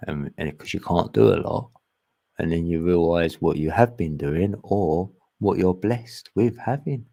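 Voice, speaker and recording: Slow chill guy, low gravelly voice, laughs a lot. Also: warm tone. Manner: laid-back, laughs often, slangy. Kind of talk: casual chat.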